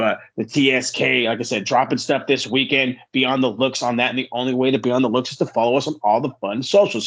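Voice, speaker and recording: A man's voice: mid-range voice, a bit bright. Chatty male podcast host. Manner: chatty, plugging socials with quick asides. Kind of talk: casual podcast outro.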